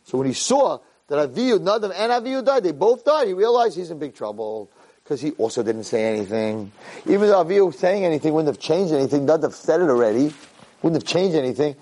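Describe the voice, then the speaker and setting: Animated man teaching a Torah class. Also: a little high, fast talker. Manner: animated storyteller who acts out voices and cries out quoted lines. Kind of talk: lively Torah lecture to a live class.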